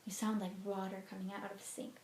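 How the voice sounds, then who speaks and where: A woman's voice: medium pitch, quick pace. Woman teacher reading a storybook aloud. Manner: expressive storybook reading with lively swings. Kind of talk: reading a children's book aloud and giving a lesson. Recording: roomy echo with faint noise.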